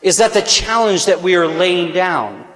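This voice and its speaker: A man's voice: high-pitched, very animated, unhurried, a bit bright. A man preaching a sermon in earnest tones, rising to emphatic peaks on his key points. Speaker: speaker on stewardship. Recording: echoey hall reverb.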